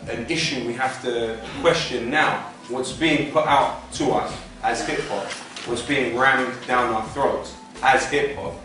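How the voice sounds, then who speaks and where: A man's voice: mid-range voice, fairly bright tone. Young British male activist, impassioned speaker, distant and roomy with faint music behind. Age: young adult. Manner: passionate rhetorical questioning. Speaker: rapper and activist. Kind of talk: public talk. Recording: echoey room, far from mic, faint music.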